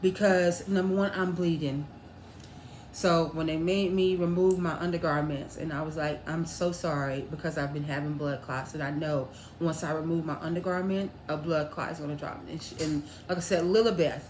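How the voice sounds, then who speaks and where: A woman co-hosting a casual chat, telling a personal story in an animated way and often laughing as she acts out what others said. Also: low-pitched, normal speed, a little hiss or hum. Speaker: co-host. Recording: roomy echo.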